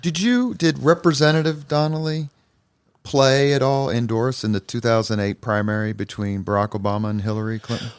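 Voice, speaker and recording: A man's voice: mid-range voice, fairly even intonation, moderate pace, clean tone, no room sound. A man hosting a podcast interview, asking conversational follow-up questions. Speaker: podcast host.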